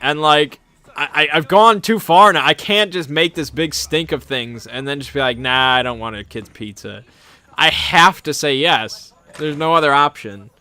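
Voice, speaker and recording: Man, casual storyteller, bright tone, slightly high pitch, amused and rambling. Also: normal speed. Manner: rambling, amused anecdote-telling. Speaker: channel host.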